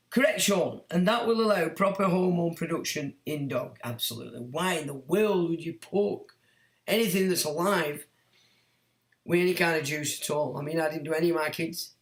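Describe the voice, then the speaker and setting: A middle-aged man hosting a livestream, reading out chat comments and ranting in a blunt, crude, mocking way with plenty of swearing. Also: on the high side. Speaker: livestream host. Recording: echoey room.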